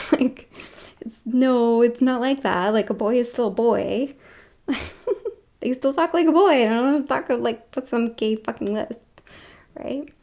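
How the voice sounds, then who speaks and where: A woman's voice: a little high, slow pace, darkish tone. A woman vlogging in a casual, rambling monologue, full of filler words and with dips into whispered asides.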